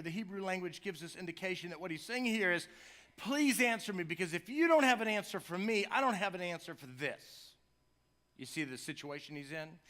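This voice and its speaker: High, bright-voiced male pastor preaching. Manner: conversational, jokey asides, rising to impassioned cries. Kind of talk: sermon. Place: church sanctuary.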